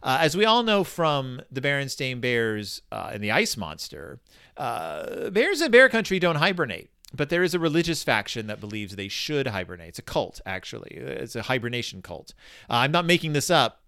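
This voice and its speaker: A man riffing through a comedic book commentary, with a lively voice that swings high and low. His tone is bright and sharp, and his jokes keep spinning off into sarcastic tangents. The sound is dry and close. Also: fairly quick, dry recording. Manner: joking, rambling tangents; sarcastic, animated.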